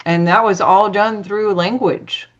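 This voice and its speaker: A woman's voice: medium pitch, fairly even intonation, a little slow, muffled recording. A woman telling a personal story as a podcast guest, chatty, acting out dialogue with lots of fillers.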